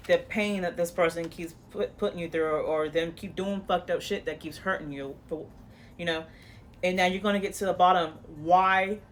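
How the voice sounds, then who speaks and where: A woman's voice: on the low side, slight background noise. A woman giving a casual tarot reading in a blunt, profane, coaching tone, rambling with frequent "you know"s and restarts. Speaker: tarot reader.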